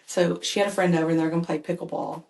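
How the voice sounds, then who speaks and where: A mother and caregiver talks fast in a lowish, steady, darkish voice, telling personal stories earnestly and animatedly in conversation as a podcast guest. The room echoes.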